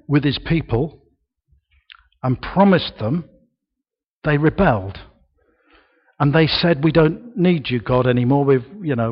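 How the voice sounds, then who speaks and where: Older male preacher, slow and emphatic sermon delivery, husky tone. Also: a little high, lo-fi sound. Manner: slow, emphatic delivery with dramatic pauses and raised projection. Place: church.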